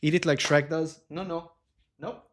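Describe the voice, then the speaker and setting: A man chatting casually on a live cooking stream, animated and self-mocking, laughing often and reading viewer comments aloud. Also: a little high, unhurried, slight background noise. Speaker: livestreamer.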